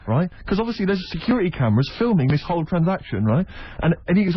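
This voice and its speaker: A man co-hosting a radio show, telling an anecdote in a rapid, animated way and acting out what other people said. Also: a little high, husky. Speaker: radio co-host. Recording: dull lo-fi radio recording.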